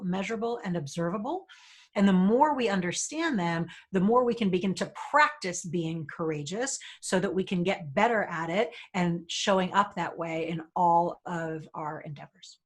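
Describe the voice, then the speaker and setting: A New woman speaking as a guest, telling a story in an animated way and acting out the people she quotes. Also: medium pitch, breathy edge. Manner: animated, acts out quoted voices. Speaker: guest speaker, leadership facilitator. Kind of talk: storytelling conversation.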